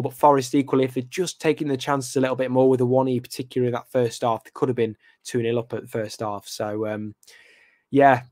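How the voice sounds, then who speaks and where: Young male fan host, casual live-chat reaction, mid pitch, hesitant ums, dry close sound. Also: darkish tone, no echo. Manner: rambling, hesitant, lots of ums and restarts; talks to viewers in the live chat by name.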